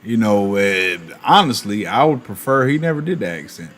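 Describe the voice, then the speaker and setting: A man streaming and chatting casually, animated, with quick asides and laughs. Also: lowish voice. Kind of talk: casual chat while opening cards.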